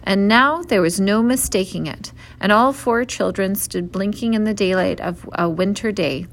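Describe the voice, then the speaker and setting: A woman narrating a children's novel in a steady, clear storytelling manner. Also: medium pitch, normal speed. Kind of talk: audiobook reading of a children's novel.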